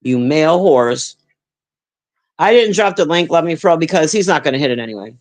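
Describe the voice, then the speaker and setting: A woman's voice: low voice, animated, normal speed, darkish tone. Blunt, profane woman ranting on stream. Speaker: livestreamer reading chat. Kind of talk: casual livestream rant.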